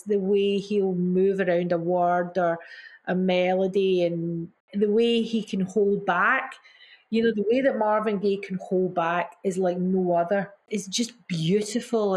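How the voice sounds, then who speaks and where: A middle-aged woman being interviewed, spilling over with enthusiasm as she tells stories. She repeats and restarts herself and acts out what others said, in a voice of middle pitch. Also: unhurried, darkish tone. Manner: acts out quotes with gasps and mimicry. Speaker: singer, interview guest. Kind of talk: casual storytelling in an interview.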